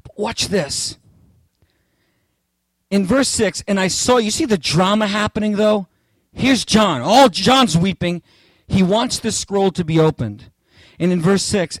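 A male preacher delivers an expository sermon with theatrical energy, joking with his congregation as he reads and explains. His voice sits high and swings widely in pitch. The recording is dry and close, with no room sound. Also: expressive, a little slow, pauses often, no echo.

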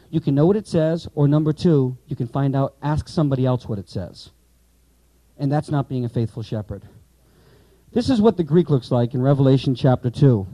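Male pastor-teacher, Bible class lecture, asks the room questions, dry close sound, mellow slightly high voice. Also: no echo, poor audio. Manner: explanatory, rhetorical questions, asides to class.

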